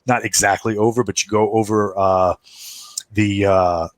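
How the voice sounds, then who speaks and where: A man narrating a tabletop game as game master, halting with many fillers and restarts while he describes the scene. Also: lowish voice, steady tone, no room sound.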